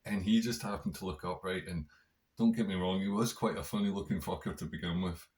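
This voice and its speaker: Scottish guy on his podcast, fairly low voice, swearing a lot, telling a wild story. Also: a little fast. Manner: heavy swearing, animated, conversational. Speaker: podcast host. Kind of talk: casual storytelling monologue.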